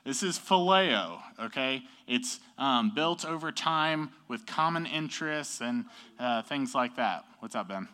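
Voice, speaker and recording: A man's voice: mid-range voice, expressive, a little slow, bright, forceful tone, smooth. A young man teaching a class in a casual, upbeat way, often checking in with the group. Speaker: youth teacher.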